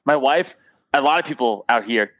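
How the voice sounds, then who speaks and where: A man's voice: mid-range voice, lively intonation, normal speed, a bit bright, no room sound, muffled recording. A young adult man, a stand-up comedian guest, chatting in a profane, joking way and laughing often. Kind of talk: casual podcast chat.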